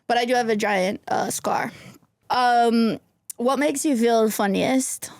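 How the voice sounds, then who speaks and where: A woman hosts a podcast and asks her guest chatty, curious questions. Her voice sits a little high with a lot of vocal fry. The sound is dry and close to the mic. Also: unhurried, darkish tone, no room sound. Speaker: podcast host. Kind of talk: casual podcast interview.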